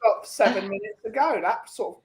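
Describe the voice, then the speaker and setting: A man's voice: high-pitched, normal speed, breathy edge. Host guy ribbing his panel, playful, casual tone. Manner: teasing, playful. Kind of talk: casual comedy hosting.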